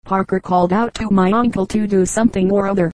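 A woman's voice: medium pitch, fairly even intonation, fast talker, a little mellow, no room sound, close to an everyday voice, rough recording. A woman voicing a rambling, matter-of-fact male commercial traveler in an audiobook.

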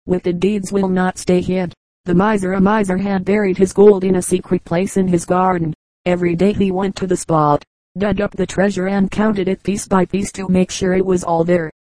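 Steady fable reader, middle pitch, dry close sound. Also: a little fast, dry recording, low-quality recording. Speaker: audiobook narrator. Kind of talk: scripted fable narration.

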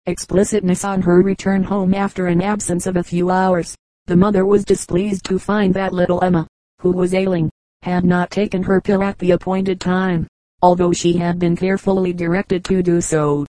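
A woman's voice: fairly low pitch, moderate pace, dry recording, poor audio. A woman narrating an audiobook of short humorous anecdotes, reading evenly and lightly voicing the quoted lines. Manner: even storytelling read, voicing quoted lines.

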